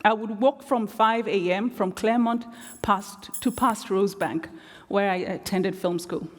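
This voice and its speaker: A woman giving a lecture as reflective storytelling, measured with wry asides, in a large theatre. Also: medium pitch. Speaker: guest lecturer. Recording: long theatre reverb.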